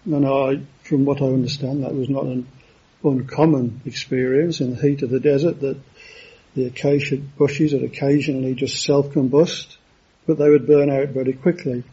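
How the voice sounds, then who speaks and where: A man preaching a sermon in a halting way, with many fillers and restarts. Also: medium pitch, steady tone, warm tone, slightly rough, highs cut off.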